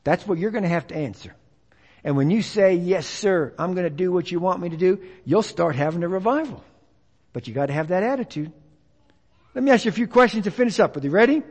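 A preacher with a notably high voice delivers an emphatic sermon. He hammers his points through repetition and call-and-response. The sound rings with the long reverb of a church hall. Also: animated, brisk, a little mellow, breathy edge.

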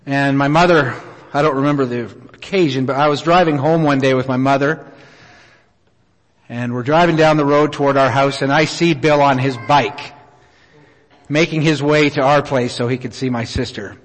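Preacher with earnest storytelling in a reverberant hall. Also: male voice, mid-range voice, fairly even intonation. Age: middle-aged. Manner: earnest, unhurried storytelling with many pauses. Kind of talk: sermon with personal story. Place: church auditorium.

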